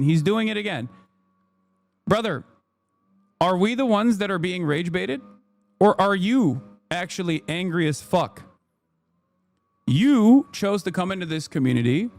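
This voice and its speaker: A man's voice: high-pitched, dry recording. A man, ranting and swearing as he comments on a livestream. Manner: heated, ranting, swears often. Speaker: streamer.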